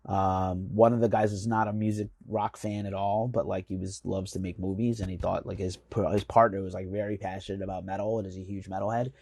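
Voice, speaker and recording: Brief: low, gravelly, husky American man, casual rambling host storytelling. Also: little pitch movement, a little fast, hardly any pauses, a little mellow, dry recording. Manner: rambling, filler-heavy, enthusiastic. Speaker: magazine chief editor hosting the show.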